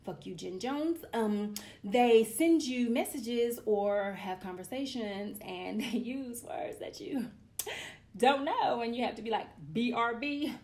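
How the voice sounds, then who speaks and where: A woman in her forties talks to her viewers in a loose, profane vlog monologue. Her voice sits a little high, and she rants with blunt, comic exasperation. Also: slow, dark tone. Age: 40s. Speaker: vlogger.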